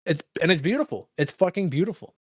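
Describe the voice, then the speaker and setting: Casual movie podcast dude, cusses constantly, gets worked up, dry mic. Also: male voice, sits high, fast talker, no echo. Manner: profane, excitable, rambling. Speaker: podcast co-host. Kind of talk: casual film discussion.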